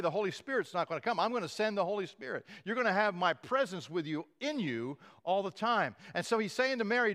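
Animated male pastor preaching a sermon. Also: high voice, brisk, hardly any pauses. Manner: animated storyteller, acts out quoted lines, chuckles often.

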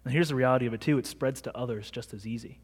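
A pastor in his thirties races through his sermon in a slightly rough, mid-range voice. He talks like he's telling a story to friends, mocking himself for laughs, while the large sanctuary gives a long hall reverb.

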